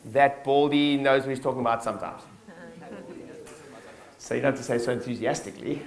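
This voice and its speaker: A man giving a live keynote talk to his staff at a company conference, energetic and blunt, swearing casually and acting out little scenes. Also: medium pitch, fairly quick. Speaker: business owner addressing his staff.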